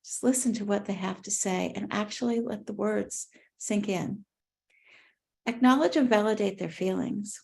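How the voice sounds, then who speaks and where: Woman, middle-aged, gentle conversational workshop talk, mid pitch, restarts and fillers. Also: moderate pace, vocal fry. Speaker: workshop presenter on grief care.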